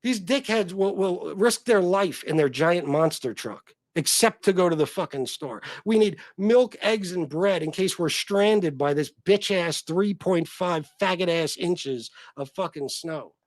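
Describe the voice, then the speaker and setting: A middle-aged man from North Carolina hosts a profane livestream rant, his voice sitting a little high for a man. He flares into loud outbursts, then drops to low grumbling mutters. The sound is dry and close, with no room echo. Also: expressive, measured pace, few pauses. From North Carolina, USA. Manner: angry, sweary, swings between loud outbursts and low mutters. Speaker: livestream host. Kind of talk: profane ranting livestream talk.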